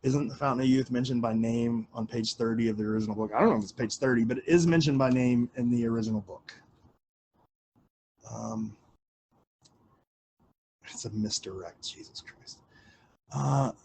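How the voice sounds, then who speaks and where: A man's voice: medium pitch, normal speed, pauses often, a little mellow, slight background noise. A man hosting a casual livestream Q&A, rambling with lots of fillers and offhand swearing. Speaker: livestream host answering questions.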